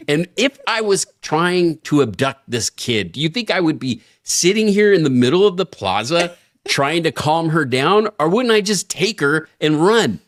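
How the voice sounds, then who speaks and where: A middle-aged man co-hosting a podcast, telling a story in a lively way and acting out the quoted voices. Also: a little high, moderate pace, no room sound, studio quality. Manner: animated storyteller, acts out quoted lines. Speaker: podcast co-host. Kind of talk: casual storytelling chat.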